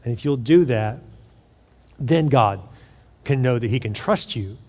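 A man preaching a sermon as pastor, swinging from loud to hushed and acting out quoted voices. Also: mid-range voice, expressive, measured pace. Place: church auditorium. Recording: long reverb in a large hall.

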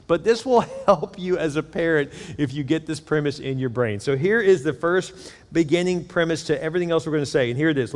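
A middle-aged pastor gives his sermon in a candid, joking way, his voice sitting a little high for a man. It rings out in a church hall with a long reverb tail. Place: church auditorium. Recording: echoey hall.

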